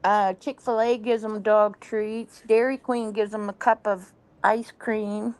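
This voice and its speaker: A woman's voice: medium pitch, flat delivery, a little slow, darkish tone. A woman hosting a livestream and chatting in a dry, matter-of-fact way. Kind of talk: casual chat.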